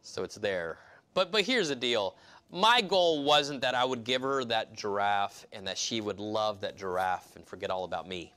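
A middle-aged man delivers a sermon in a bright, forceful voice. He talks in a conversational way and then builds to emphatic, pressing peaks. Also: lowish voice, lively intonation, moderate pace, smooth. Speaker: pastor.

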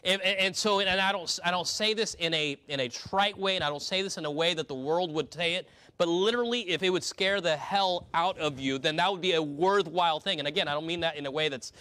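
A man's voice: fairly high pitch, fairly quick, few pauses, pushed and bright, no room sound. A man preaching an earnest sermon to his congregation, often restarting and repeating words as he reads scripture aloud. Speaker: pastor.

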